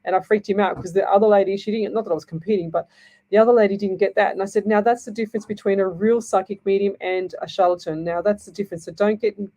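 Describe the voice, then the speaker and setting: This is a woman in middle age who hosts a live psychic reading show. Her voice is warm and mellow at an ordinary pitch. She rambles in a comforting way and keeps checking in with the listener. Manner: reassuring, rambling, tags phrases with "okay?". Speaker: psychic medium radio host.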